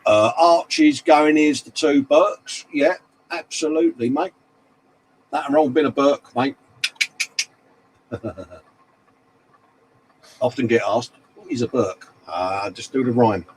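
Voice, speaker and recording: A man's voice: medium pitch, slow, long pauses, a little hiss or hum, rough recording. Chatty man hosting a live stream. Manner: matey banter, reads viewer comments aloud. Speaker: live stream host reading chat. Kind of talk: casual chat.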